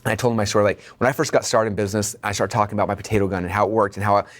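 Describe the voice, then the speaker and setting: A man's voice: on the low side, little pitch movement, very fast. A man coaching a business training lesson with energy, checking in with "okay?" and "right?" and acting out the dialogue in his stories.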